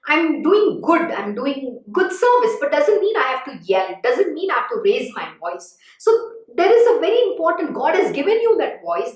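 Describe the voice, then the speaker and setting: A woman delivers a spiritual sermon, stressing her warnings and scolding her listeners. Her voice sits high. The recording has a heavy room echo. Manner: emphatic, admonishing, repeats warnings. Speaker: spiritual teacher. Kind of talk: sermon-style scripture exposition. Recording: very echoey room.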